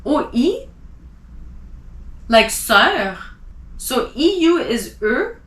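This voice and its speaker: A woman teaching a language lesson, spelling out letters and slowly repeating example words. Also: high voice, sing-song, a bit bright, echoey room. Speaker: French teacher.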